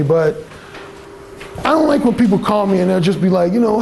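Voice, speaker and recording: A fairly high-voiced man with a gravelly edge talks to a seminar crowd, bluntly and with plenty of profanity. His pitch swings widely as he tells his stories. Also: big pitch swings, normal speed, pauses often, a little mellow, a little hiss or hum. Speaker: seminar speaker, dating coach. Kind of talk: storytelling talk to a live audience.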